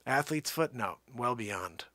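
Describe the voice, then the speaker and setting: A man hosting his nightly live show, joking around and swinging between loud hype and low mutters. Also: lively intonation, unhurried, no echo. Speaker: host. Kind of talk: comedic live-stream banter.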